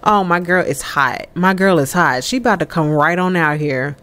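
A woman's voice: fairly low pitch, normal speed, fairly bright tone. A woman giving casual, chatty gameplay commentary as a let's play host, often laughing.

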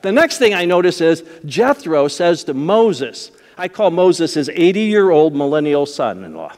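A man's voice: a little high, sing-song, measured pace, darkish tone. A man preaching a sermon as a pastor, telling stories in a conversational way and acting out the voices of the people in them. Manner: conversational storytelling with acted-out voices and laughs. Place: church sanctuary. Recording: long hall reverb.

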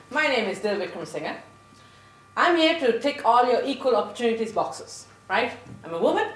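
A woman's voice: a little high, roomy sound. Brash woman doing a stand-up set. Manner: brash, punchy delivery. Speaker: stand-up comedian.

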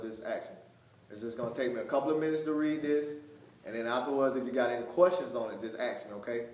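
A man teaching a Bible study, emphatic, often repeating words, with loud stressed points and quieter asides. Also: mid-range voice. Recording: echoey room.

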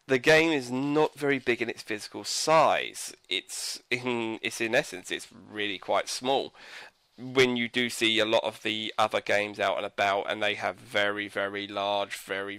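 A man's voice: lowish voice, pushed and bright, clear, resonant tone, dry recording. A man reviewing a video game in casual commentary, rambling and hesitant, with frequent fillers and self-corrections.

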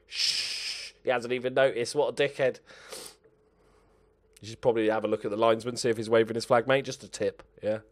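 A man's voice: mid-range voice, fairly even intonation, fairly quick. A young man playing a football management game, muttering to himself and swearing at his players as he comments. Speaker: gaming channel host.

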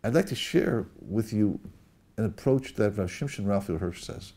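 Gravelly, animated man teaching scripture. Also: on the low side, normal speed. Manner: animated, explanatory, addresses audience directly. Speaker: rabbi. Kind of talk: sermon-style Torah lecture.

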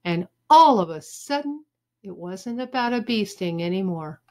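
Slow, expressive woman reading a children's book. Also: medium pitch. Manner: expressive storytelling. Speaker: teacher reading aloud. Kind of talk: children's book read-aloud.

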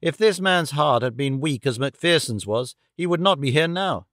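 A man's voice: on the high side, lively intonation, normal speed, fairly bright tone, no echo. Brief: male narrator putting on a desperate headmaster, raised and urgent, dry close mic. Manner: urgent and pleading. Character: frantic middle-aged male school headmaster. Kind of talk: audiobook character reading.

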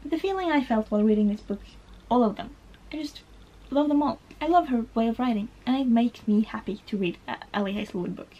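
A young Norwegian woman, a book vlogger, chats through a casual book tag about books she loved, gushing and emotional, rambling with lots of "like"s. Her voice sits on the high side, brisk and mellow, and the highs are cut off.

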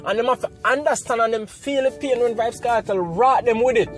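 A man's voice: extremely high pitch, a little fast, soft background music. A man with a Jamaican accent delivering a heated, preachy commentary rant, firing off rhetorical questions and repeating himself for emphasis. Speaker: online commentator.

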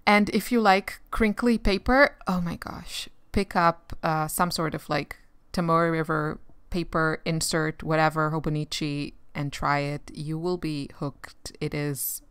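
A woman talks in a relaxed, rambling way about her art supplies, full of fillers and easy laughter. Her voice sits a little low and sounds smooth and clear. The recording is dry and close, with no room sound. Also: a little slow, no room sound. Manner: chatty and rambling, many fillers, laughs often. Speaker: art vlogger. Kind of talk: casual chat while sketching.

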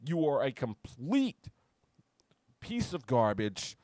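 A man's voice: medium pitch, very animated, slow, no room sound. A man delivering a heated, profane reaction rant as a YouTube commentator. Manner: heated, profane, shouty outbursts.

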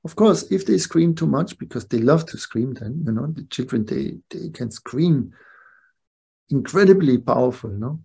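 A man's voice: fairly high pitch, lively intonation, moderate pace, creaky, warm tone, slightly rough. An older man giving a reflective spiritual talk to a live group, often checking in with his listeners. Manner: reflective, keeps checking in with "yeah?" and "no?". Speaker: spiritual teacher.

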